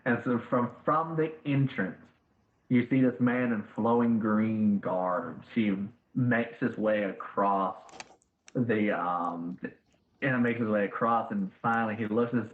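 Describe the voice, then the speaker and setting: Casual game master, tinny echoey line. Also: male voice, on the low side, slow pace. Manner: loose, casual with fillers. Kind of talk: narrating a tabletop game.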